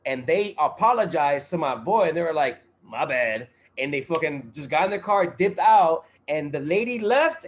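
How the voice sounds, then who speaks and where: A man's voice: sits high, expressive, moderate pace, a little hiss or hum. A man guest on a podcast, telling a story in casual chat, full of profanity, street slang and fillers.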